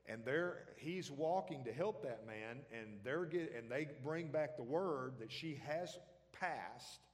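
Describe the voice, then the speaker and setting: A man's voice: medium pitch, expressive, takes it slowly, in a large hall. A man preaching a sermon as pastor, talking conversationally and throwing questions out to the congregation.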